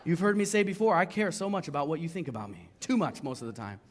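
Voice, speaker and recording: A man preaching from a church stage, telling stories with playful, self-mocking humor. His voice sits a little above the usual male range, and his delivery stays animated and conversational. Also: a little high, fast talker, slight background noise. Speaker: pastor. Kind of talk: sermon. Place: church stage before a congregation.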